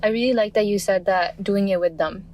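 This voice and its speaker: A woman's voice: mid-range voice, fairly quick, a little mellow. Woman teacher jumping in to agree, podcast chat, bit of background hiss. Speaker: Gurmukhi teacher. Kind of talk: casual podcast conversation.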